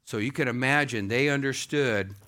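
A man preaching a sermon as pastor, animated, swinging between loud exclamations and hushed asides. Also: medium pitch, normal speed.

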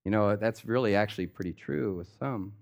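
A man's voice: fairly low pitch, a little fast. A pastor preaching a sermon, talking casually and with slang, acting out the stories he tells.

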